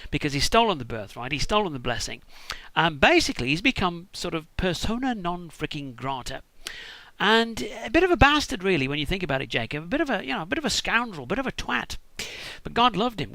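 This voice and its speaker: A man's voice: fairly high pitch, sharp tone, dry recording. Swearing irreverent British storyteller man. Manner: profane, rambling, irreverent asides. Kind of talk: comic Bible retelling.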